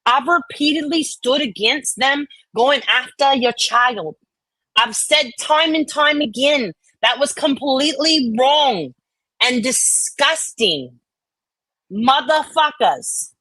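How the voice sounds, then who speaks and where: A woman co-hosting a casual chat, talking fast and bluntly. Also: high voice, lively intonation, sharp tone, husky, dry recording, low-quality recording. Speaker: co-host.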